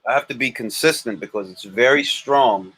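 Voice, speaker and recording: A man hosting a livestream, talking boxing in an animated, joking and blunt way. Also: medium pitch, normal speed, breathy edge, dry recording. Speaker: livestream host. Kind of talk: casual boxing chat.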